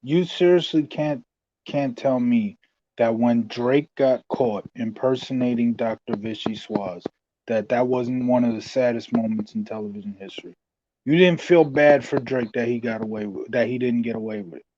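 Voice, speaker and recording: A man's voice: mid-range voice, moderate pace, warm tone, no echo. A man co-hosting a casual podcast chat, talking in a joking, mock-earnest way. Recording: dull, dry lo-fi mic.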